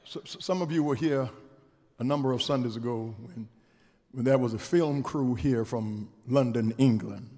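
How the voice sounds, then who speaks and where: A man, a pastor, preaching a sermon that moves between quiet storytelling and shouted, rhythmic declarations with repeated phrases. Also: medium pitch, normal speed. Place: church sanctuary. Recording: long church reverb.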